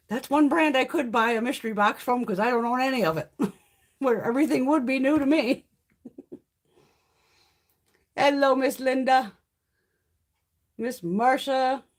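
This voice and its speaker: A woman in her fifties chatting casually through a live makeup haul, swearing freely and laughing often. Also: on the high side. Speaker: beauty vlogger. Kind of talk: casual live-stream chat.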